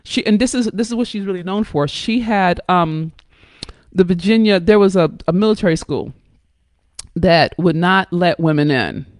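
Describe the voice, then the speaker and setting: A woman's voice: moderate pace, no echo, studio quality. Emphatic, blunt woman on a live stream. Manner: emphatic, blunt and profane, with sudden jumps up in pitch and loudness; coaxing, checks in with listeners often. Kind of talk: impassioned live-stream talk.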